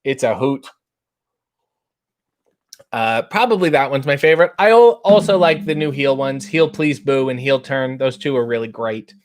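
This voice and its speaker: A man in his thirties, hosting a casual chat and reading out viewer comments with wry, animated delivery. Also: mid-range voice, normal speed. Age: 30s. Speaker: host.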